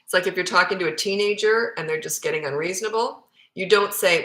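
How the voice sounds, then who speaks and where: A woman's voice: on the low side, quick pace, sharp tone. A woman parenting coach answering viewer questions live, speaking in a blunt, emphatic way. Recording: echoey room.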